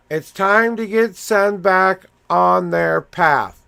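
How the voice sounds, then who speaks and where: A middle-aged man with a heavily gravelly, fry-laden voice that sits a little high for a man. He talks to his viewers in a loose, rambling way while shuffling and reading tarot cards, and his pitch swings up and down as he goes. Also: takes it slowly, a bit bright. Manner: chatty, rambling, addresses viewers directly. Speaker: tarot reader. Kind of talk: casual livestream tarot reading.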